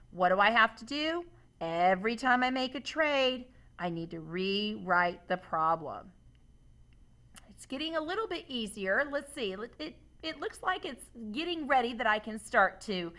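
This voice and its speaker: A woman's voice: medium pitch, bright, forceful tone. A woman teacher walking students through a math demonstration, upbeat and asking them questions as she goes. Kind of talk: classroom demonstration lesson.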